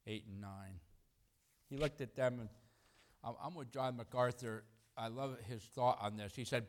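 Animated, chuckling man preaching a sermon. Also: medium pitch, unhurried. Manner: conversational, animated preaching with acted-out quotes; chuckles between points.

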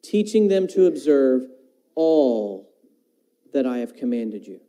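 A man's voice: medium pitch, very animated, slow pace, dark tone, low-quality recording. A man preaching a sermon, quoting scripture and asking his listeners questions. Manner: talks about teaching his own children.

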